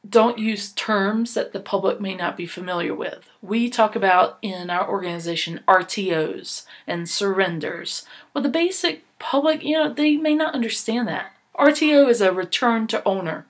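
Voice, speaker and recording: A woman's voice: medium pitch, expressive, normal speed. A woman presenting a training session for volunteers, earnest and instructive, with a few fillers and restarts.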